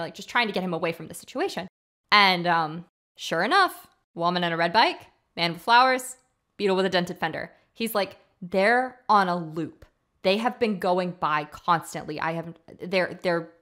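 Lively woman podcaster retelling a film. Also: on the low side. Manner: animated retelling, acting out quotes, frequent fillers. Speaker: podcast co-host. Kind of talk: casual chat retelling a film.

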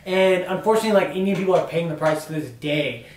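A man's voice: on the high side, expressive, fast, a little hiss or hum. A young man co-hosting a casual on-camera discussion, making earnest points and using many fillers. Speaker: discussion co-host. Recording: roomy sound from a distant mic.

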